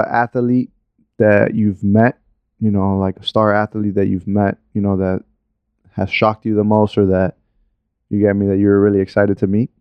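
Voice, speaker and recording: A man's voice: on the low side, clean tone, no echo, muffled recording. Laid-back man asking interview questions. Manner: laid-back, affirming, quick short replies. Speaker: interviewer, host. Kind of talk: casual sports interview.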